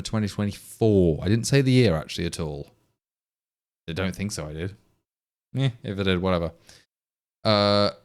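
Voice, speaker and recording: Lively East Midlands man thinking aloud. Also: on the low side, clean tone. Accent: East Midlands English. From England, Leicestershire. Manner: thinking aloud, rambling, answering chat. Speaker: programmer livestreaming his coding. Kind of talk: casual live-stream chat while coding.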